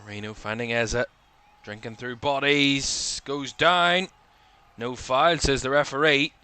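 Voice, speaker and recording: A man calls a football match live for a watchalong stream. He rattles off player names in clipped bursts and lifts his voice as attacks build. His tone is bright and his voice crisp and clean, a little tired. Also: mid-range voice, fairly even intonation, unhurried. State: tired, yawning. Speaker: football commentator.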